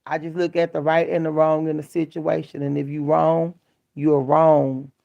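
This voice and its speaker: A woman's voice: deep voice, level tone, moderate pace, gravelly. A middle-aged woman vlogging in a casual chat, telling stories bluntly and candidly in colloquial speech. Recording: dull lo-fi sound.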